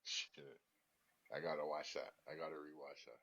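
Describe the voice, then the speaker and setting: Man, very deep voice, laid-back podcast chat, slangy, muffled lo-fi sound. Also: completely flat delivery, moderate pace, bright, forceful tone, husky. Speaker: podcast co-host. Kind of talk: casual chat. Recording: dull lo-fi sound.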